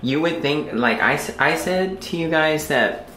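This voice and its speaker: A man's voice: a little high, animated, measured pace, pushed and bright, a little hiss or hum. A young man talking casually to his camera at home as a vlogger, rambling with lots of fillers. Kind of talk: casual vlog talk to camera. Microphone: camera mic. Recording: roomy camera audio.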